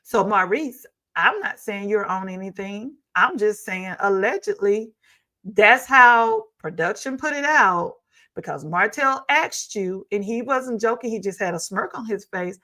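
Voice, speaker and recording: A woman's voice: mid-range voice, lively intonation, measured pace, pushed and bright. A woman hosting a talk show, commenting on reality TV in a chatty, gossipy, sassy way.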